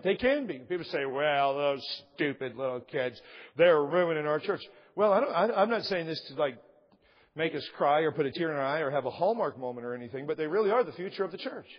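A man preaching a sermon as pastor, impassioned and rising in emphasis, with a voice that is wearing out and husky. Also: a little high, lively intonation, a little fast, in a large hall, highs cut off. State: losing his voice. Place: church sanctuary.

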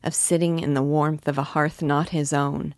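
A woman narrates a classic novel in a measured, even reading. Her voice sits low. The recording is dry and close. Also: no room sound. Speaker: literature teacher reading aloud. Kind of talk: audiobook narration.

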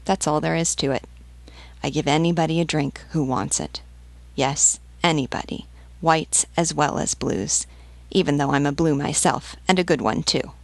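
A woman's voice: low voice, normal speed, creaky, no room sound. Woman reading as a chatty bold canteen lady, friendly, talks a lot, dry close sound. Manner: talkative, friendly, outspoken.

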